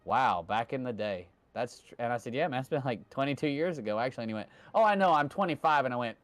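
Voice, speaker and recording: A man's voice: medium pitch, quick pace, no echo. Dry-sounding joking man hosting trivia. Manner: joking, slips into playful put-on accents. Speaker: trivia host. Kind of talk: casual chat.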